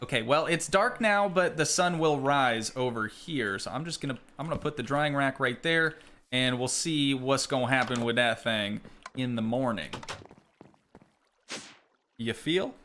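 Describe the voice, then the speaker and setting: A young American man streaming a game, chatting casually with viewers and thinking out loud as he plays. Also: medium pitch, unhurried, slight background noise. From United States. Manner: rambling, thinking aloud, talking to chat. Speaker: gaming streamer. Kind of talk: casual live gameplay chat.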